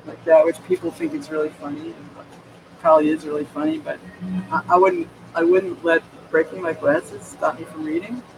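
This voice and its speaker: A man's voice: very high voice, big pitch swings, moderate pace, vocal fry, background noise. A man from New York State, talking to his camera at home in a rambling, digressive way, with many restarts and frequent laughs. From New York State, USA. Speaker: vlogger. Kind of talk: casual rambling monologue. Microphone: camera microphone. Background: music playing.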